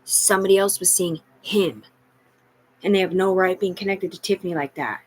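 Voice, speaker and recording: A woman's voice: fairly low pitch, normal speed, rough recording. A woman ranting on a livestream in a rambling, profane, agitated monologue that jumps between topics. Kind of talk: rambling live-stream monologue.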